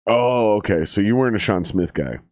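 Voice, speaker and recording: Lowish voice guy, swears a ton, bursts into quoted voices, dry close mic. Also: brisk, no echo. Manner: profane, animated storyteller who acts out quotes. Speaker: podcast host. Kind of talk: casual chat, profane storytelling.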